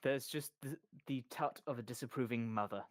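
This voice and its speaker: A calm game master narrates a tabletop game with a dry, wry touch. The voice sits at a middling pitch. It is recorded close and dry, with no room around it. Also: brisk, no room sound.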